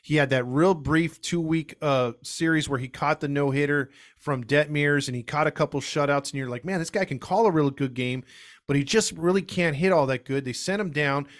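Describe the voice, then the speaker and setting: A man's voice: fairly high pitch, moderate pace. A man who is a guest co-host on a sports podcast, telling stories in a rambling, casual way. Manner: rambling, storytelling.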